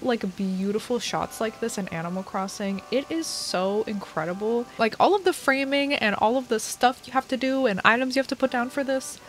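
A woman hosting a casual tour of video game islands, gushing and excitable with frequent delighted exclamations. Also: a little high. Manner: gushing, excitable, lots of "oh my goodness". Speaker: host touring game islands. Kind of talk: casual gameplay commentary.

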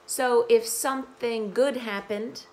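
Slow, patient American woman teacher, morning-hoarse. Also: on the high side, steady tone, darkish tone, rough recording. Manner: slow, patient, repeats key phrases. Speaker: English teacher. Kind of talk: explaining song lyrics to learners.

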